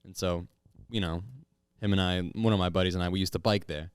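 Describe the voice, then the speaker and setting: A man tells a story on a podcast in a smooth, fairly low voice. He gets excited and shouts when he acts out what people said. The mic sounds dry. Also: fast, no echo. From Long Island, New York. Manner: excitable, jumps to shouted quotes when acting out. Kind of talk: casual storytelling chat.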